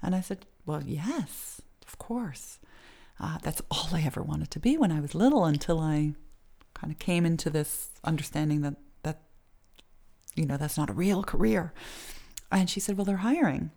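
A middle-aged woman speaking as an interview guest, her voice a touch low. She tells her stories in a chatty way, with plenty of fillers and laughs along the way. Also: moderate pace, dark tone. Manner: chatty, many fillers, laughs while telling. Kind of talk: casual interview storytelling.

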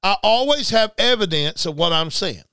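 High, bright-voiced man preaching hard. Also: expressive, normal speed, clear, resonant tone, no echo. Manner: emphatic and repetitive, talking straight to listeners. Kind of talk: livestreamed sermon.

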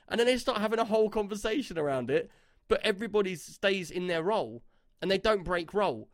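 A man's voice: high voice, lively intonation, quick pace, no room sound, studio quality. A man co-hosting a casual gaming podcast, chatty and given to telling stories and reading out chat comments. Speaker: podcast co-host.

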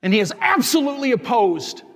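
Priest guy preaching angry sermon, pretty high voice, lots of echo trailing in a big church. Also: sing-song, brisk, a bit bright. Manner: impassioned, rhetorical questions, righteous anger. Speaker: parish priest. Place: large church. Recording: long church reverb.

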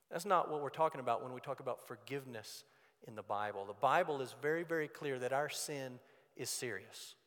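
A man's voice: mid-range voice, fairly quick, fairly bright tone. A man preaching a sermon as pastor, in an earnest, conversational way. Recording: long church hall reverb.

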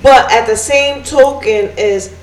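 A woman's voice: on the high side, slow. A woman co-hosting a casual discussion, chatty and thinking aloud. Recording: roomy echo.

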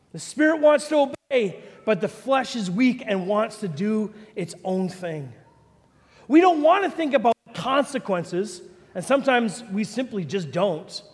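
A man preaching a sermon as pastor, animated, swinging from loud peaks to low quiet asides. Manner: animated preaching, rising to shouts then dropping low. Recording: long reverb of a large hall.

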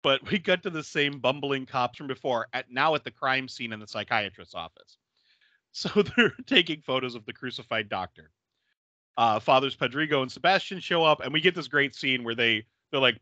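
Male podcast co-host, lively bright voice, laughs through his retelling, dry close recording. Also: medium pitch, moderate pace, no echo, highs cut off. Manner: animated storytelling, doing silly voices for characters, laughing often. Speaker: podcast co-host recapping a film. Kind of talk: casual chat.

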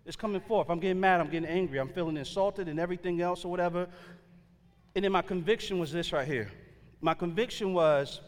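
A man's voice: high voice, fast talker, big-room sound. A man preaching a sermon, telling a story in a loose, conversational way with slang and frequent fillers. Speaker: pastor.

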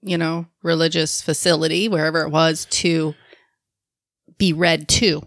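A woman's voice: low-pitched, little pitch movement, measured pace, a bit bright, no echo, clean studio sound. A woman co-hosting a casual podcast, friendly and conversational, often ending her points with a questioning "right?". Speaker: podcast co-host.

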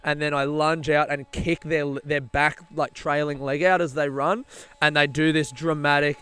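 A man's voice: fairly high pitch, flat delivery, normal speed, a bit bright, smooth, no room sound. A young man telling a long casual anecdote, rambling and swearing, laughing often. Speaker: storyteller.

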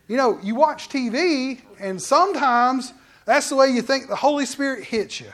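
Conversational preacher swinging loud to hushed. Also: high voice, normal speed. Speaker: pastor. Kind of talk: sermon.

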